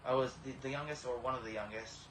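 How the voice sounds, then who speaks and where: Earnest halting man, echoey room. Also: mid-range voice, fairly even intonation. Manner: halting, many repeated starts, earnest. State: tearful, emotional. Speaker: vlogger. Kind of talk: emotional personal testimony. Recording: echoey room with faint background hiss.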